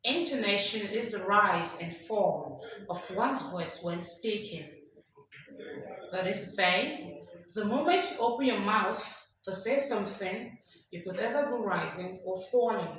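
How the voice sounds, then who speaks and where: Woman English teacher, emphatic drills, bright clear voice, very echoey room. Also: medium pitch, measured pace. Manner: emphatic, drills examples aloud and quizzes listeners. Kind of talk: classroom lesson. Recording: strong echo, faint background noise.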